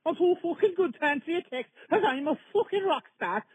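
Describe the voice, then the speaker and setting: A swaggering Irish hustler with a very high voice that leaps all over the place, as a male caller puts him on. He rattles on fast and swears constantly, and the sound is dry and close with no room around it. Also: expressive, no echo, dull audio. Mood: cocky. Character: brash cocky male Irish tarmac hustler.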